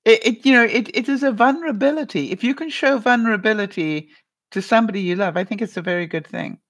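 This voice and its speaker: A woman's voice: on the high side, quick pace. A middle-aged woman vlogger giving earnest, casual advice to viewers. She often restarts her sentences and says "you know".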